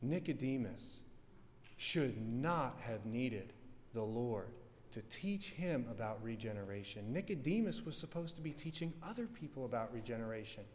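A man preaching a sermon with fervour, rising to loud passages and dropping to hushed ones. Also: medium pitch, very animated, moderate pace, slight background noise. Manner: fervent, swinging from loud to hushed. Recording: long reverb of a hall.

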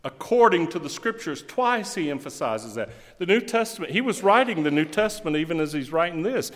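A middle-aged man, a pastor, preaching a sermon with emphatic swings between loud and quiet. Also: fairly high pitch, sing-song, a little fast. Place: church sanctuary. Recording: long reverb of a church hall.

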